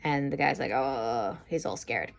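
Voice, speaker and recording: A young woman recaps and reviews a TV episode in a casual, chatty way, her fairly low voice unhurried and edged with vocal fry. She peppers her talk with fillers like "um" and "like" and acts out the quotes.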